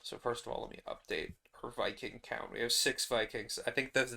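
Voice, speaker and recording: A man's voice: medium pitch, brisk, gravelly, pushed and bright, slight background noise. A man narrating his solo tabletop game in a rambling, casual way, laughing often.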